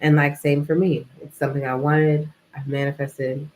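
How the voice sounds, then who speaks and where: A woman's voice: sits low, flat delivery, moderate pace, darkish tone, slight background noise, low-quality recording. Rambling young woman vlogging. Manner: rambling, full of "like" and "you know". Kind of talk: casual reflective monologue.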